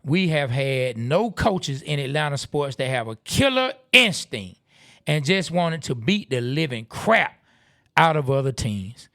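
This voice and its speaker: A man co-hosting a casual live-stream podcast, reading out viewer comments with relaxed asides. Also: fairly high pitch, unhurried, no echo, studio quality. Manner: laid-back, reads viewer comments aloud with asides. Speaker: podcast co-host.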